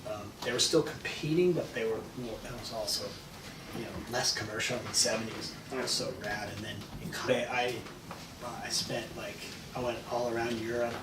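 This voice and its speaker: A man's voice: mid-range voice, steady tone, fairly quick. A man in his fifties with a Californian accent, telling rambling travel stories in a casual interview, often laughing. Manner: laid-back, rambling, laughs often, acts out voices in anecdotes. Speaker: interview guest, former pro surfer. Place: large echoey room at a live event. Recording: distant mic, roomy echo, noisy ambience.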